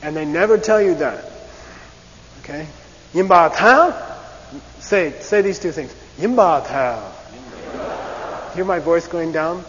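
A man teaching a class in a lively lecture style. He often checks in with "okay?" and acts out short debate phrases to show how they sound. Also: fairly high pitch, measured pace, long pauses. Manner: animated, repeats "okay?" and acts out debate voices. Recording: long reverb, dull lo-fi hiss.

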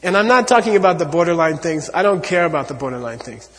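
A man's voice: a little high, very animated, fast talker, a bit bright, long reverb tail. A man giving an earnest spiritual talk to an audience, repeating his points and often saying "you know.". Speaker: Buddhist teacher.

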